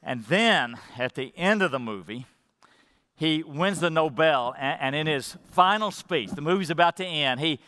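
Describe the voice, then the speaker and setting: A middle-aged man preaching a sermon as pastor, earnest and heartfelt, often dropping to a soft, quiet voice when moved. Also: fairly high pitch, lively intonation, normal speed, long reverb tail.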